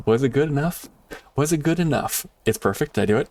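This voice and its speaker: A man streaming a game live, chatting casually with viewers and swinging from excited shouts to quiet muttering. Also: mid-range voice, a little fast. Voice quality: animated, laughs often, jumps between excited shouts and quiet muttering.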